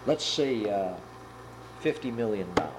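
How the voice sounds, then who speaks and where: A man preaching a sermon and retelling a parable with earnest, animated storytelling. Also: on the low side, measured pace, noisy background.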